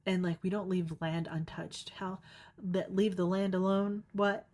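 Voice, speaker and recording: A woman's voice: mid-range voice, fairly even intonation, unhurried, a little mellow. A young woman hosting her own podcast, rambling casually with lots of filler words and frequent giggles. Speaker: podcast host. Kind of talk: casual solo podcast monologue.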